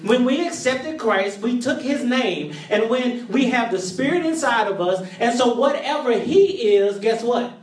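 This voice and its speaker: Pastor, mid-pitched, repetitive call-and-response sermon; echoey, distant church room sound. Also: expressive, a little slow, hardly any pauses. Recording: roomy, heard from a distance.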